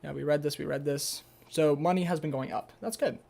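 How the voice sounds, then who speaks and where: A young man talking on a casual livestream, stumbling through an article he reads aloud and breaking off into sarcastic, swearing asides. His voice sits a bit higher than most men's, and his talk is loose and rambling. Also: steady tone, brisk, creaky, a little mellow. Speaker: streamer.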